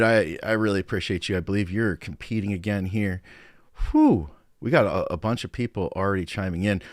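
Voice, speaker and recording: A man's voice: lowish voice, dry recording, studio quality. A middle-aged American man hosting a live podcast stream, greeting viewers and reading comments in an upbeat, chatty way. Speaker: podcast host and coach. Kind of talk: casual live-stream chat.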